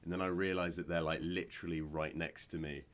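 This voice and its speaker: A man's voice: low-pitched, fairly quick. A man co-hosting a casual podcast, telling a story and acting out the people in it. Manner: animated storyteller acting out scenes with voices. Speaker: podcast co-host, cinema worker. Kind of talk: casual chat.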